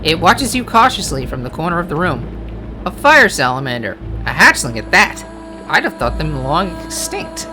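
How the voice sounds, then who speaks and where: Let's-play narrator: animated delivery, reads card text, chats and self-corrects over game music. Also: medium pitch, normal speed. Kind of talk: reading game text aloud with casual asides.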